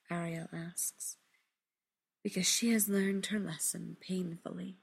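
A woman reading a literary story aloud in a hushed, measured, intimate way, often dropping into a whisper. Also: fairly low pitch, little pitch movement, vocal fry, breathy edge.

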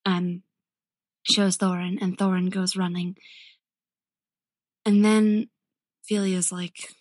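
A woman casually retelling a fan-fiction plot, chatty and quick, slipping into short voiced asides for the characters. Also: mid-range voice, flat delivery, a little mellow, no room sound. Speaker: storyteller.

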